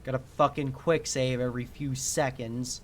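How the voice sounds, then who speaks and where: A man's voice: mid-range voice, little pitch movement, normal speed, a bit bright, a little hiss or hum. Profane, irritable male game streamer. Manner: irritable, heavily profane ranting. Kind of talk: live gaming commentary.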